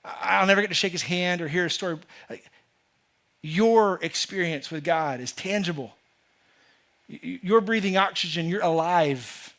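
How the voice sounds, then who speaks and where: A man's voice: high-pitched, moderate pace, fairly bright tone. A man preaching a sermon to a church congregation, earnest and emphatic, often repeating words and restarting as he builds a point. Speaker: pastor. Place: church sanctuary.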